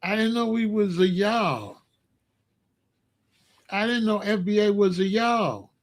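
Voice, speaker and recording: A man giving casual, mocking online commentary in an animated way, often laughing and coming back to the same catchphrase. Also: high-pitched, slow pace.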